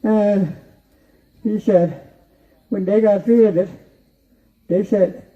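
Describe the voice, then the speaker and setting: A man's voice: sits high, fairly even intonation, slow. A man telling a spoken story, rambling and repetitive, often chuckling to himself. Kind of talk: oral storytelling. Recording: distant, dull lo-fi recording.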